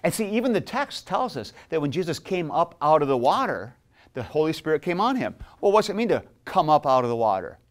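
A middle-aged man teaches a theology class in a classroom, speaking casually to his students. He tells stories with animation and drops jokes along the way, keeping a relaxed, conversational tone. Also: on the high side, fairly quick. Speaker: seminary professor.

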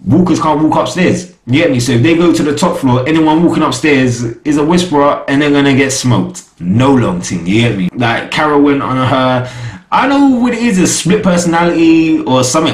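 A man's voice: medium pitch, very animated, fairly quick. A young man giving a casual, slangy TV episode review, often asking "you get me?". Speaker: TV show reviewer. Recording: echoey room.

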